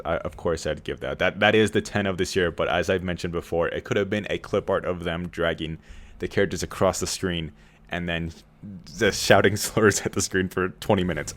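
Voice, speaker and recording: A podcast co-host with a very low, deep voice, talking casually over a remote call. He rambles and swears now and then, keeping his tone in a polished customer-service register. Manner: rambling, swears when frustrated; raised customer-service speaking voice.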